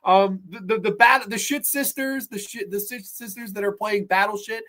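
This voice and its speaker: A man hosting a podcast, retelling comedy scenes in an animated, profane, casual way. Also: high-pitched, normal speed. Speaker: podcast host. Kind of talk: casual movie chat.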